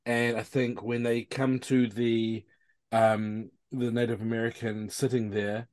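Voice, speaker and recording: A man's voice: medium pitch, flat delivery, unhurried, a little mellow, no room sound. A man from New Zealand co-hosting a podcast, chatting casually and thinking aloud with small hesitations. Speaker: podcast co-host. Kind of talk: casual chat.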